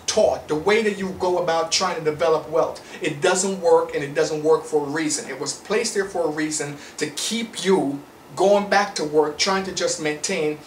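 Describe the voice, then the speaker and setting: A Jamaican man delivers a forceful motivational lecture in a fairly high voice. He hammers his points with rhetorical flourishes. The sound is roomy and set back from the mic, with faint noise underneath. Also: normal speed, far from the mic. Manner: emphatic, preachy, rhetorical. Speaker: motivational speaker.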